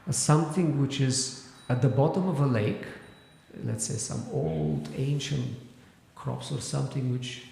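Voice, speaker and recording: Male lecturer, scripture class, gravelly mellow voice, halting delivery, booming echoey hall. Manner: explanatory, halting with fillers and restarts. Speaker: spiritual teacher. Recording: echoey hall with long reverb.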